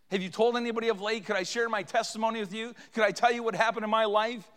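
Middle-aged male pastor, high voice, preaching a sermon in an echoing church. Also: brisk, a bit bright. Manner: preaching with rising and falling intensity. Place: church sanctuary. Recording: long reverb of a church hall.

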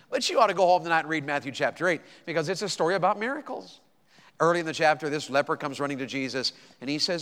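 A man preaching a sermon, moving between hushed storytelling and loud, emphatic proclamation. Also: medium pitch, animated, fast talker. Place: large church hall. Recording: long reverb of a large hall.

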